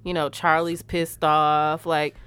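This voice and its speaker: Smooth-voiced woman chatting on a podcast. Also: low voice, slow. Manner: candid, animated, profane. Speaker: podcast co-host. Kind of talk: casual chat.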